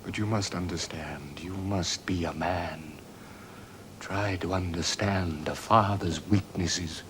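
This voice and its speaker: An actor playing an aging Roman emperor and father in a 1970s television period drama, speaking earnestly and haltingly. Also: on the low side, noisy background, close to an everyday voice. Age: older.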